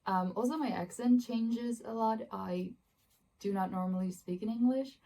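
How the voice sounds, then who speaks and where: A woman's voice: a little high, moderate pace, dark tone. A young woman vlogging about books, chatting casually to her phone camera in her bedroom with frequent giggles and fillers. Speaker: book vlogger. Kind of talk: casual vlog talk to camera.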